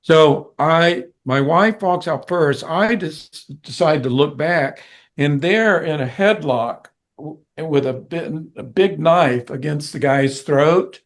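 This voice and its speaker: An older man, a musician being interviewed, telling a story in an animated way and acting out the people in it. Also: on the high side, slow. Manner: animated, vivid storyteller who acts out quoted people. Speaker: guest musician.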